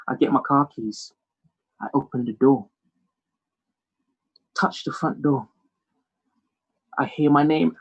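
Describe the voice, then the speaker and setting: A man's voice: medium pitch, unhurried, long pauses, slightly rough, dull audio. A man doing a stand-up comedy monologue, telling self-mocking stories. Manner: storytelling, animated, self-mocking.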